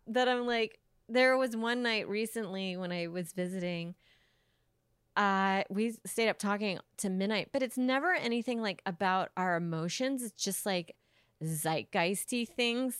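A woman's voice: mid-range voice, a little slow, fairly bright tone, clean tone, no room sound. A woman comedian chatting casually as a podcast guest in a hotel room, with wry, dry one-liners. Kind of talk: casual chat.

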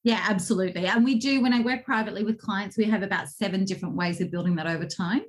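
A woman's voice: mid-range voice, fast. A woman coach telling stories animatedly in a casual interview, acting out quotes with bursts of laughter. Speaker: guest, communication coach.

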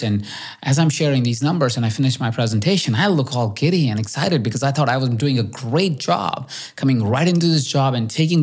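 Animated man telling a story. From India. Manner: animated, self-mocking, quick shifts in pitch. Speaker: podcast host. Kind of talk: solo storytelling episode.

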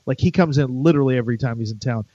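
A man's voice: mid-range voice, rapid-fire, mellow, no echo. A middle-aged man hosting a sports talk show, rambling, chatty and jokey. His voice sits in an ordinary middle range. The sound is dry and a little dull. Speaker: sports radio host.

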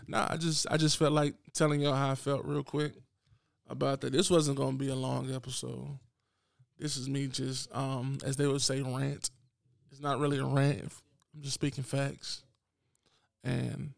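A man's voice: on the high side, creaky, dry recording, studio quality. A man hosting a podcast, delivering a blunt, unapologetic solo rant straight to his listeners. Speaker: podcast host.

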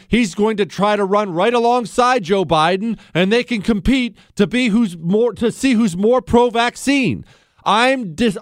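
A man rants through his talk show monologue in a high, smooth voice, sarcastic and combative. He acts out imagined back-and-forth scenes. The studio sound is close and dry. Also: dry recording. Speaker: radio talk show host. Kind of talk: opinion monologue.

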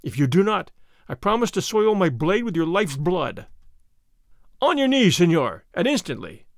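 A man's voice: sits high, expressive, moderate pace, vocal fry, no room sound, studio quality. A man doing a proud masked outlaw swordsman. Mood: commanding. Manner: commanding, scornful. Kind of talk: audiobook character voice.

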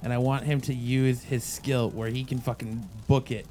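A man's voice: mid-range voice, level tone, normal speed, warm tone, slight background noise. A man chatting casually as a player in a tabletop game.

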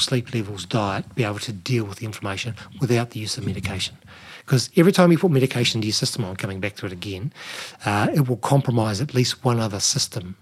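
A middle-aged man, a nutrition expert guest, explaining in a relaxed conversational way with many "you know" fillers. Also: on the low side, breathy edge. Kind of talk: conversational interview.

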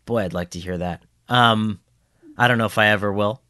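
A man's voice: fairly low pitch, a little fast, pushed and bright, smooth, dry recording, studio quality. A man co-hosting a football podcast in casual, joking chat, rambling with plenty of fillers. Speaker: podcast co-host.

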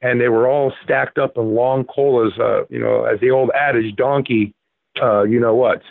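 A man in his sixties from Florida, USA, appears as a guest, telling a rambling story full of fillers and restarts. His mid-range voice is gravelly, steady, and moderately paced, heard dry over a tinny, phone-like line.

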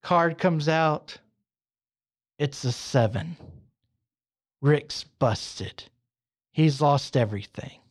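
A man hosting a podcast, telling a long drawn-out joke with playful asides and speaking affectionately to his listeners. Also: mid-range voice. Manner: affectionate, theatrical farewell to listeners. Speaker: podcast host. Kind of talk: casual storytelling and sign-off.

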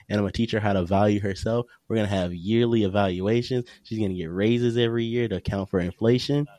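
Podcast co-host, male, thirties, deep-ish, loose slangy storyteller. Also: no echo. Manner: animated storyteller, slangy, swears, acts out quotes loudly. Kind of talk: casual podcast chat. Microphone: remote call mic.

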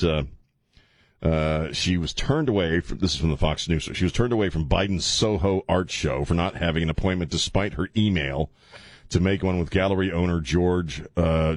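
A man's voice: deep voice, normal speed, dry recording, clean studio sound. A man hosting a talk radio show, rambling and joking with frequent laughs and filler stumbles. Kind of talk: casual talk radio monologue.

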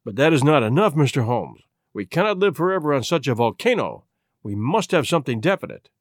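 A man's voice: mid-range voice, sing-song, a little fast, no echo, studio quality, voice pushed down. A man voicing an agitated young government secretary. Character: excitable high-strung male government secretary.

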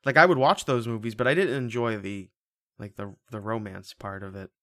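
A man's voice: on the low side, moderate pace, a bit bright, no echo, studio quality. A man co-hosting a podcast, joking crudely and rambling with lots of restarts. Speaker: podcast co-host. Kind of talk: casual podcast chat.

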